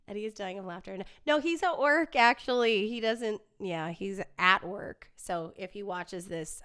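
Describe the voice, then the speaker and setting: Unhurried, smooth-voiced woman chatting on a live stream. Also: medium pitch, a bit bright. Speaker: livestream host reading viewer comments; singer. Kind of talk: casual live-stream chat.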